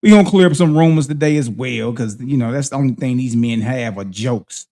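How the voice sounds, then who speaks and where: A man's voice: medium pitch, brisk, warm tone. A man hosting a livestream, preaching and confronting his critics in heated, slang-heavy commentary. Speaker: livestream host.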